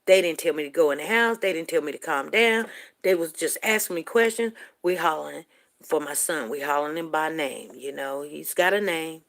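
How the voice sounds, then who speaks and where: An older woman tells a personal story in a rambling, heartfelt way. Her voice sits low and carries a gravelly fry. At tense moments she rises toward near shouting. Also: a little fast.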